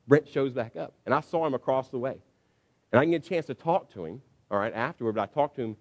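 A middle-aged man preaching a sermon, telling stories in a conversational way and checking in with the congregation with frequent asides. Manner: acts out quotes with sudden high excited pitch. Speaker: pastor.

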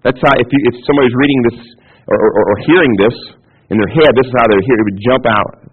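A man's voice: mid-range voice, fast, slightly rough. A male pastor preaching an expository sermon. He teaches step by step, checks in with his listeners often, and repeats words when he restarts a sentence. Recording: tinny phone-band radio broadcast.

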